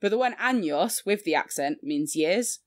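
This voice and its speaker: A woman's voice: deep voice, animated, normal speed, a little mellow. A young woman in her twenties, a Spanish teacher, chatting casually and laughing often with many fillers. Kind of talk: casual podcast chat.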